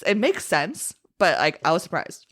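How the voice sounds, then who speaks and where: Podcast guest, young woman, lower pitch, chatty and dramatic. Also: very animated, normal speed, fairly bright tone. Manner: chatty, dramatic asides, frequent likes. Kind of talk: casual chat.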